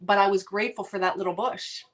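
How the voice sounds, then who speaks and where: A middle-aged woman, a guest author, sharing heartfelt personal stories in an earnest, halting way with many restarts. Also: mid-range voice, fairly even intonation.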